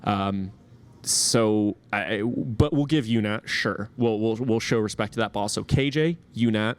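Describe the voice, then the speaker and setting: A man's voice: lowish voice, unhurried, clear, resonant tone. Rambling analytical male podcast co-host. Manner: rambling, many restarts and fillers. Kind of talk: casual gaming chat.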